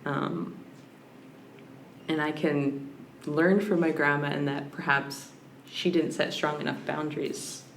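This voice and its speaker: Deep-voiced and steady, a woman speaks unhurriedly and with few pauses. As a language scholar guesting on a podcast, she talks reflectively, searching and restarting often, in a conversational interview. A faint hiss lingers in the roomy recording.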